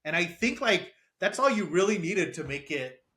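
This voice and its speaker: Animated bright-voiced man reviewing a movie. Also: high-pitched, moderate pace. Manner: animated, laughs often, recaps plot with silly quoted voices. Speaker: podcast co-host. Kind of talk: casual movie review chat.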